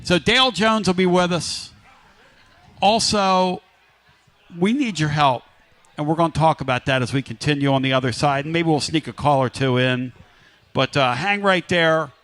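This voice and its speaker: A man hosting a live sports talk radio show from a restaurant, talking loud and hyped as he works up the crowd. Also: fairly high pitch, normal speed. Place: live remote broadcast at a riverside restaurant.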